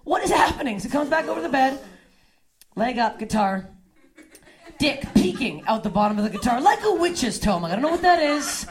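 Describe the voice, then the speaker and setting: A young woman doing stand-up comedy, telling crude stories and throwing quick asides to the audience. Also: high-pitched, big pitch swings. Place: comedy club stage before a laughing crowd. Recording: live club with audience laughter.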